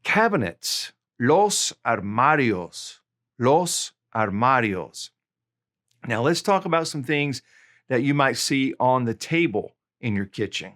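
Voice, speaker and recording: A man gives a relaxed online language lesson in a middle-pitched voice. He speaks casually and warmly to his viewers, and he slows down to say each new word carefully, then says it again. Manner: slow, deliberate repetition of words; friendly, casual teaching. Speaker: Spanish tutor.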